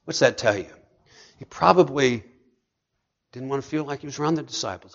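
A man delivers a sermon at a mid pitch, dropping to a hush and then building to emphatic peaks. The recording is dull and lo-fi. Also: expressive, a little fast, vocal fry, long pauses. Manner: dynamic, swings between hushed and emphatic. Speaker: preacher.

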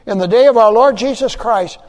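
A man delivers an emphatic sermon, repeating key phrases and swinging between hushed and loud. His voice sits high for a man. The sound rings with the long reverb of a large sanctuary. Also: a little fast. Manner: emphatic preaching, repeats phrases, rising and dropping loudness. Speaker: pastor.

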